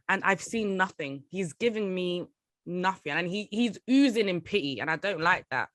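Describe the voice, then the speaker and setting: A woman's voice: lowish voice, moderate pace, a bit bright, no echo. A woman guest on a casual podcast, frank and opinionated, laughing easily. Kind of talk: casual chat about motor racing.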